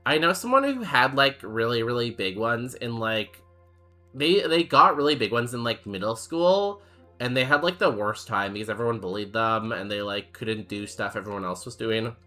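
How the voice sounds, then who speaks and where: A man's voice: medium pitch, lively intonation, moderate pace, sharp tone, soft background music. A young man streaming a game, chatting casually with his chat in a rambling, jokey way full of fillers. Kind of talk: casual chat while playing and reading chat.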